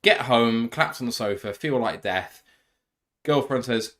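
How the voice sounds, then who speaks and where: A man's voice: medium pitch, unhurried, a bit bright. A man co-hosting a live fan show, chatting casually and reading out viewer messages. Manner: reads out chat messages, chatty and joking. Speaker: podcast co-host. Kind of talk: casual live-stream chat.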